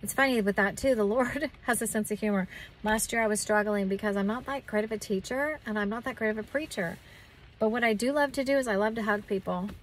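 A woman's voice: medium pitch, far from the mic, slight background noise, rough recording. A woman who is a prophetic minister, giving an earnest, encouraging talk and a spoken prayer, with frequent restarts. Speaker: self-described prophetic minister.

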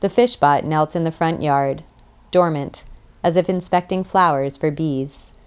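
A woman narrating a sci-fi audiobook in a dry, even storytelling manner. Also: deep voice, measured pace, smooth. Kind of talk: scripted narration.

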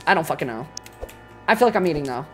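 A woman streaming a cooking game, excitable and foul-mouthed, talking to her chat and flaring into loud exclamations when flustered. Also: low voice, fast talker, soft background music. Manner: excitable, swears a lot, talks to chat. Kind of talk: live gameplay commentary.

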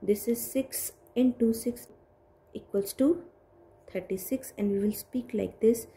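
A woman with an Indian English accent teaching a maths lesson to small children, slow and patient, repeating each step. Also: a little high, mellow. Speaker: kindergarten teacher.

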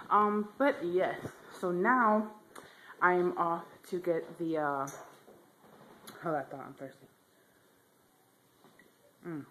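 A woman's voice: lowish voice, very slow, pauses often, fairly bright tone, slight background noise. A young woman vlogging casually at home on a handheld camera, chatty, giggly and rambling. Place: house, indoors.

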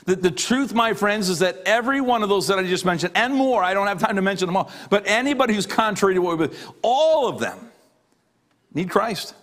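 A middle-aged man, a pastor, preaching a sermon with emphatic repetition, dropping low on key lines. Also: lively intonation, a little fast, a bit bright.

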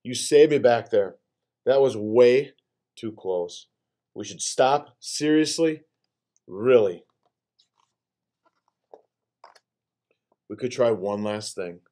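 A man voicing a bossy, playful male character from a picture book, reading it aloud in an excitable, animated way. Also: medium pitch, takes it slowly. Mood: relieved, grudging.

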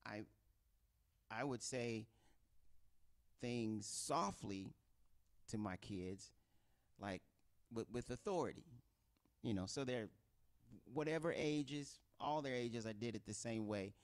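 Middle-aged male pastor, casual teaching sermon, very lively intonation. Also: medium pitch, slow, long pauses. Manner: conversational, animated, acts out quoted voices.

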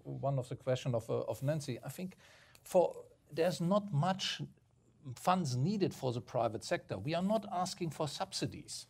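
A man speaking on a panel for a development finance institution, halting, with many fillers and repeated words. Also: mid-range voice, creaky, darkish tone. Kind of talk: panel discussion remarks.

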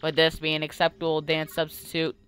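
A woman's voice: sits low, monotone, a little fast, a bit bright, a little hiss or hum. A woman voicing a formal, curious computer. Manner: formal, precise. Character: polite male computer, curious about feelings.

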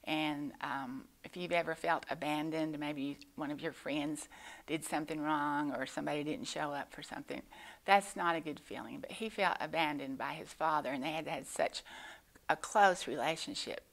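Low-voiced woman teaching children. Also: creaky. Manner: gentle, explanatory, many pauses and fillers. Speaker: Sunday school teacher. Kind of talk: children's Bible lesson. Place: church.

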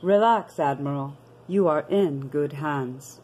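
A woman voicing a calm, courteous man from a hidden land who welcomes visitors over the radio in a slow, soothing way. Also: low-pitched, slightly rough, voice pushed down, full character voice, poor audio. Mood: calm, reassuring.

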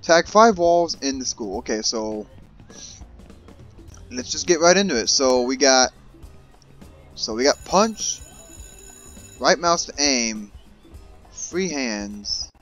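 A man giving casual let's-play commentary, excitable, yelling and swearing at characters in the game. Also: mid-range voice, slow pace, long pauses, faint music behind. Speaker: gaming YouTuber.

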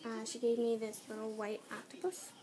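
A woman's voice: a little high, brisk, background noise. Bubbly giggly teen girl. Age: teens. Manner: bubbly, giggly, gushing with excitement. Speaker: vlogger. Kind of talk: casual unboxing chat.

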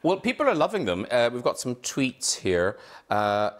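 A man's voice: medium pitch, huge pitch swings, normal speed. A male talk show host with an Irish accent, reading a teasing monologue and chatting with a guest. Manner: wry, teasing, giggly. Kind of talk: scripted monologue and interview. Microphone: video call from home.

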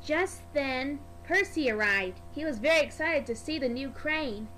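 A woman's voice: high-pitched, animated, unhurried, fairly bright tone, slight background noise, poor audio. A woman narrating a children's storybook in a careful read-aloud manner.

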